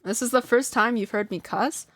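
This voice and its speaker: A woman's voice: a little high, normal speed, a bit bright, no room sound. A woman streamer chatting casually to her live chat, flustered and self-deprecating, often breaking into laughter. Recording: dry close sound.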